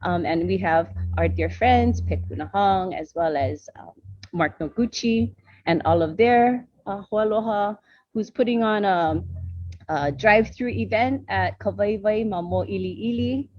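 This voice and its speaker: A woman gives closing thanks, pausing often on fillers. Her voice comes across dry and dull, as if through a lo-fi connection, with no room sound at all. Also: mid-range voice, dry recording. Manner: hesitant, with frequent fillers. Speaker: closing speaker. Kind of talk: thank-you remarks.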